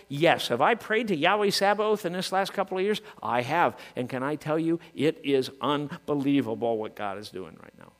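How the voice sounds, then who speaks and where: A man preaching with real fire. His pitch swings widely and climbs high when he gets worked up. He fires off rhetorical questions, and his voice carries in a big hall with a long reverb and a faint mains hum. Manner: impassioned, rising to shouts, rhetorical questions. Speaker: pastor. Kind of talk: sermon.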